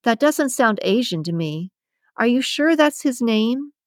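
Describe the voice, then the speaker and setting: A woman's voice: fairly high pitch, expressive, measured pace, dry recording, clean studio sound, pitched above the performer's own voice. A woman putting on a brash, sassy young waitress. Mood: scheming. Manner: sassy, teasing, sarcastic.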